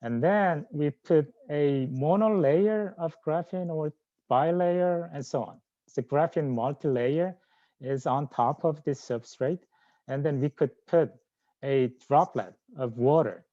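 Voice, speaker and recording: A middle-aged man with a Korean accent giving a scientific research lecture, halting often with fillers and restarts. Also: on the high side, warm tone, dry recording. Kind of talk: academic lecture. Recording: dull lo-fi sound.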